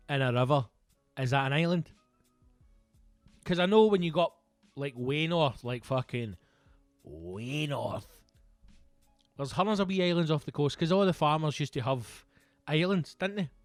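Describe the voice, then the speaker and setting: A man's voice: mid-range voice, no echo. Sweary Scottish man, rambling podcast host. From Scotland. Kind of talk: casual comedic podcast monologue.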